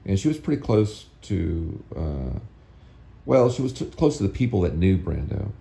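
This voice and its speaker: A man's voice: deep voice, sing-song, moderate pace, gravelly, warm tone. A male host giving casual, rambling film commentary that often repeats itself.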